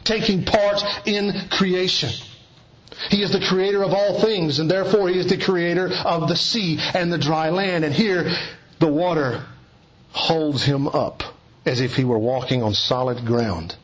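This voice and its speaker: A man delivers a sermon with a slightly husky, breathy tone. He speaks in a measured teaching way and draws out key words for weight. The recording sounds a little dull and lo-fi. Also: on the high side. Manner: measured expository preaching, slowing for emphasis. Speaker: preacher.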